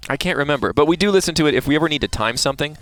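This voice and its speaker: A man, a voice actor being interviewed, talking in a chatty, relaxed way with many restarts. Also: a little high, very fast, dry recording, soft background music. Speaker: voice actor guest.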